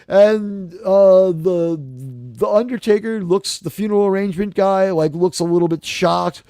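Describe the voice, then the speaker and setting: A man's voice: high-pitched, unhurried, hardly any pauses, dark tone, no room sound, studio quality. A man hosting a live talk show, rambling through casual, sarcastic, profane commentary.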